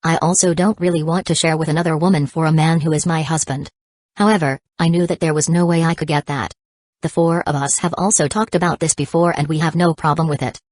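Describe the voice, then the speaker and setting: A woman reading the part of an earnest, devoted young woman in an audiobook, in her own low voice with no character voice. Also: fast, no echo. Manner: calm, even delivery.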